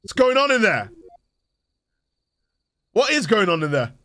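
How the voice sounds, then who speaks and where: A young man commentating a horror game playthrough, reacting excitably and reading the on-screen text aloud. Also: high-pitched, a little slow, pauses often, a little hiss or hum. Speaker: gaming youtuber.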